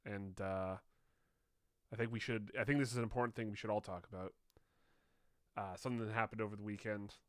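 A man's voice: fairly low pitch, steady tone, brisk, long pauses, no echo, studio quality. A young man co-hosting a podcast, chatting casually with loose swearing and frequent laughter. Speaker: podcast co-host. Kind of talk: casual chat.

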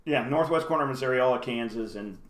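A man's voice: medium pitch, fast talker. A man on a casual podcast who talks bluntly and swears, heard through a roomy mic with faint noise. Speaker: podcast co-host.

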